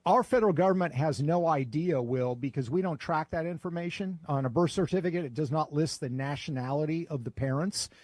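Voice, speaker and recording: A man appearing as a guest author on a news interview, explaining a point in a measured way with a few fillers. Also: a little high, a little mellow, dry recording. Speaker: author and think-tank guest.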